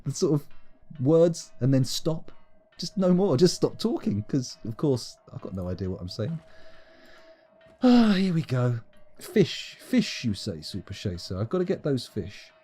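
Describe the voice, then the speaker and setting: Guy doing live game commentary, rambly and jokey, voice jumps all over, warm dark tone. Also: mid-range voice, very animated, unhurried, breathy edge, soft background music. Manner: playful, rambling, self-mocking. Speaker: game streamer.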